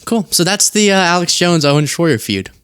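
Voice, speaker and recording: A man hosting casual political commentary, sarcastic and quick to laugh. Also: high-pitched, expressive, a bit bright, smooth, no echo, clean studio sound. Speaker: host.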